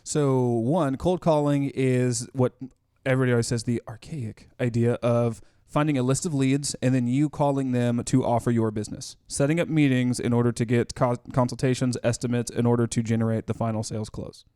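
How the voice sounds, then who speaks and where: A man co-hosting a business podcast, explaining ideas in a steady, matter-of-fact way. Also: mid-range voice, brisk, smooth, no echo, studio quality. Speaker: podcast co-host. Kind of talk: casual explanatory talk.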